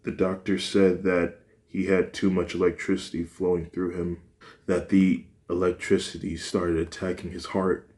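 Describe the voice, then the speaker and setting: A man voicing a gentle mother who softly soothes her son, in a fan-made storybook reading, in his own deep voice. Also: flat delivery, moderate pace, close to an everyday voice. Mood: soothing. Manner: soft and soothing.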